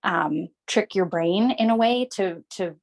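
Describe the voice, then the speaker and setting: A woman's voice: mid-range voice, measured pace, gravelly. Woman thinking aloud in a class. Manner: thinking aloud, with hesitant restarts. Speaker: course participant. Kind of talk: reflective casual talk.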